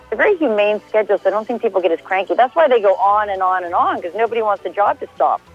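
A woman's voice: mid-range voice, animated, rapid-fire, soft background music. A woman calling in to a radio show as the guest, chatty and upbeat. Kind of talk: phone interview. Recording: tinny phone line.

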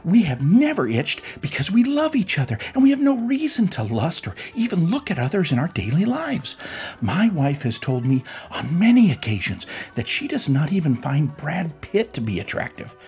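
A man's voice: fairly high pitch, huge pitch swings, moderate pace, a little mellow, faint music behind. A man playing a prim, pompous married man who talks in stiff, formal words on a comedy radio show. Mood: indignant. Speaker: stiff married sidekick character.

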